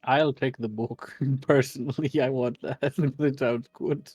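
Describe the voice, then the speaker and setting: A man's voice: medium pitch, steady tone, measured pace, a little mellow, husky, dry recording, soft background music. A man playing a tabletop game on a call, eager and joking, swearing and laughing often. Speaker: player. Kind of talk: casual tabletop game chat.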